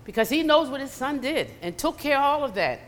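A woman's voice: sits high, animated, a little fast. A woman preaching a conversational sermon in a church, slipping into acted asides. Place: church sanctuary. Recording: long hall reverb.

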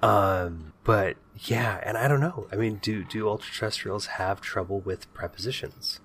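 A man's voice: on the low side, moderate pace, fairly bright tone, slight background noise. A man co-hosting a podcast, talking casually and thinking aloud with many fillers and restarts. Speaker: podcast co-host. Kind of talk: casual chat.

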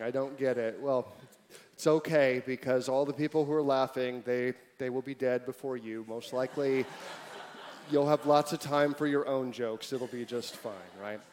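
A man preaching a sermon to a congregation, joking with the crowd at times and then dropping to a hushed, intimate tone. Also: mid-range voice. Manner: swings from loud emphatic preaching to hushed near-whisper; humorous asides to the congregation. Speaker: pastor.

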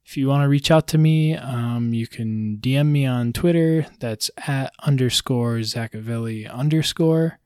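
A man hosting a solo podcast in a casual way, relaxed and loose, with frequent ums and uhs. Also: mid-range voice, measured pace, few pauses, smooth, no room sound, clean studio sound. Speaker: podcast host.

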